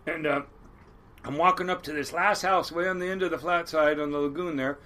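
A man in his sixties tells a long, salty yarn as a guest on a casual interview. His voice sits a bit high and rings bright and forceful. He rambles along, blunt and plain-spoken. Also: steady tone, fairly quick. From Washington State, US. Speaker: crab boat captain, guest.

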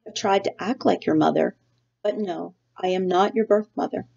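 A woman voicing a calm, literal robot mother. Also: on the low side, creaky. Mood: tender. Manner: formal, measured, no contractions. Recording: dull lo-fi recording.

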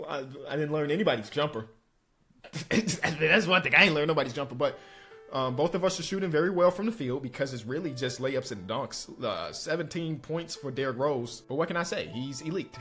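A young man giving excitable live commentary while playing a basketball video game, swinging between hyped shouts and quiet muttering. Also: fairly high pitch. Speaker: gaming streamer.

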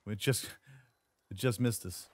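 Guy doing lets play commentary, low-ish voice, jokey, trash talks the bugs. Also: measured pace, no room sound. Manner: animated, jokey, talks to game creatures. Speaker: gaming YouTuber. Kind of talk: casual gameplay commentary.

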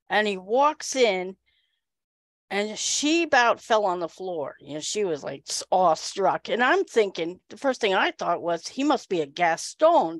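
A woman giving a humorous storytelling speech at a speaking club, animated and acting out the people in her story. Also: medium pitch, no room sound.

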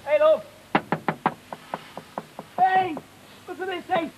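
A man playing a loutish young soldier who taunts and shouts. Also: very high voice, fairly even intonation, slow pace, dull audio, noisy background. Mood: jeering. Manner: taunting, shouting, barking drill commands.

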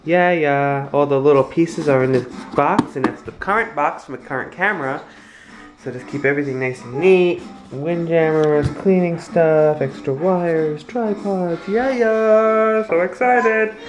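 Chatty young dad vlogging. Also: male voice, on the high side, measured pace, dull audio, music in the background. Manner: rambling and chatty, talks straight to viewers. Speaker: family vlogger. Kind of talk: casual vlog chat.

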